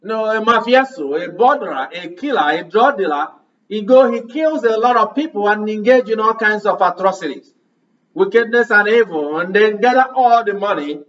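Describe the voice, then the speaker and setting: A man preaches with a high voice, hammering his congregation with rhetorical questions. He sounds set back from the microphone, and the recording is dull and muffled. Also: lively intonation, normal speed, a bit bright, distant mic. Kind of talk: sermon.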